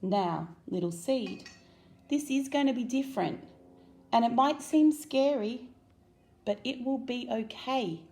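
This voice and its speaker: A woman reading aloud, voicing a kind male farmer in a gentle, reassuring way. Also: on the high side, measured pace.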